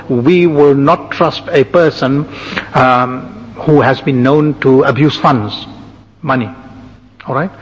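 A man giving a sermon, calmly listing and explaining numbered points to his listeners. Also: medium pitch, breathy edge. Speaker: religious teacher. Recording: dull, echoing hall recording.

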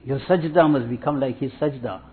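A man preaches a sermon with a steady, repetitive teaching cadence, his voice at an ordinary middle pitch. The sound is thin and tinny, like it came over a phone line. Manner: measured, repetitive teaching cadence with Arabic and Urdu religious terms. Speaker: Islamic preacher.

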